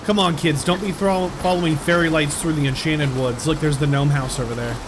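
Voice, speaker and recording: Excitable joking man playing a game. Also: fairly high pitch, fairly quick, noisy background. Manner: jokey, excitable reactions with sudden yelps. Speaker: gameplay commentator. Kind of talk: let's-play commentary.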